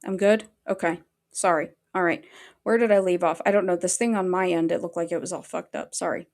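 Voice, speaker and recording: A woman's voice: on the low side, steady tone, brisk, darkish tone. A woman ranting angrily on a livestream, swearing heavily as she talks. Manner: angry, heavily profane. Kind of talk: livestream rant.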